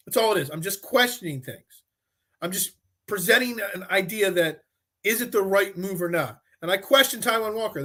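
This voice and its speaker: Animated, bright-voiced sports talk host. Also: male voice, high voice. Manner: animated, repeats himself when making a point.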